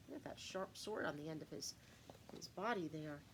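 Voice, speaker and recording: A woman teacher reads a rhyming picture book aloud to young children. Her voice is animated and singsong, with a very lively, swooping pitch. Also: moderate pace, vocal fry, a little hiss or hum, poor audio.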